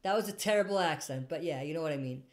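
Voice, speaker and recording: A woman's voice: sits low, animated, fast, darkish tone. A woman hosting a casual live stream, reading out viewer comments and answering in a rambling way, often stopping to correct herself. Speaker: livestream host answering viewer questions.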